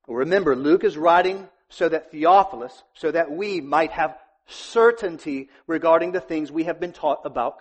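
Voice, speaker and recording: A man preaches a sermon in a church sanctuary. His voice sits a little high for a man, and he drives his points home with repetition and rhetorical questions. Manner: emphatic, repeats phrases and rhetorical questions. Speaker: pastor.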